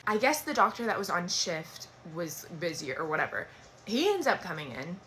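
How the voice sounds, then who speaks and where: A young woman telling a dramatic personal story in a casual storytime, animated and swearing freely. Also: fairly low pitch, moderate pace, slight background noise.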